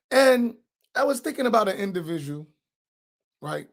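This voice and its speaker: Gravelly imam, conversational. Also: male voice, high voice, big pitch swings, moderate pace, long pauses. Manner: conversational, keeps asking listeners "right?"; emphatic, repeats key phrases. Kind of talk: informal religious class talk.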